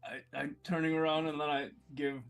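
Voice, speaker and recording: A man's voice: on the high side, level tone, brisk, gravelly, smooth. A man playing in a tabletop game, talking hesitantly with many fillers. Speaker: player. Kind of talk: casual tabletop banter.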